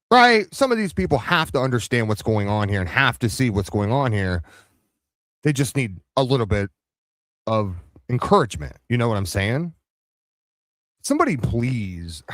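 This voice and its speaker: A man's voice: fairly high pitch, dry recording. A man hosting a live reaction stream, scolding and mocking the person he reacts to in a heated, sarcastic way. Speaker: commentary channel host.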